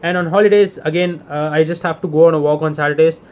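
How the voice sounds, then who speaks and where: A man's voice: on the high side, steady tone, fast, lo-fi sound. A young man, rambling and swearing in a casual, exasperated rant to the camera. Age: young adult. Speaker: vlogger.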